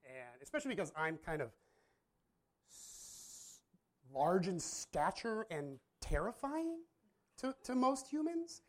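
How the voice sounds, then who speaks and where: Candid, rambling man, slightly high. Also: big pitch swings, slow pace. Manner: candid, self-deprecating, rambling with frequent laughs. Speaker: pastor. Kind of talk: casual storytelling.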